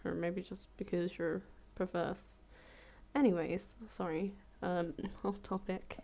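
A woman tells a fable aloud in a relaxed, chatty way, stopping now and then to correct herself. Her voice has a gravelly fry and a mellow, dark tone. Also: on the low side, slow. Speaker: storyteller. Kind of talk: fable read aloud with casual asides.

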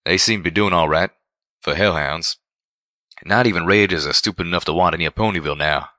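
A man's voice: sits low, brisk, bright, forceful tone, no echo, studio quality. Man doing a folksy drawling cowpony.

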